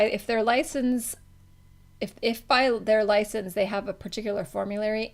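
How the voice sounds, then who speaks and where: A woman's voice: mid-range voice, vocal fry, a little mellow. A woman teaching a pharmacology class in a casual, conversational way, often correcting herself mid-sentence. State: has the hiccups. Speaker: pharmacology instructor. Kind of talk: classroom lecture.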